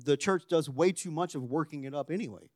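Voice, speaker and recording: A man preaching a sermon, animated and conversational, dropping to a hushed voice when acting out quotes. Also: fairly high pitch, brisk, no room sound, studio quality. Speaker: pastor.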